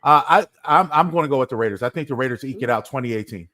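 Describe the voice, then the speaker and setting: A man, a former player turned analyst, talking sports on a podcast in an emphatic, animated, jokey way. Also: mid-range voice, racing. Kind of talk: casual sports podcast talk.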